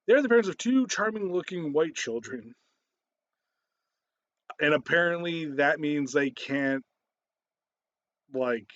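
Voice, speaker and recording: Lively profane ranting man. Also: on the high side, dull audio. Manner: heavy swearing, ranting, frequent laughs. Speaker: commentator. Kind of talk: profane reaction commentary.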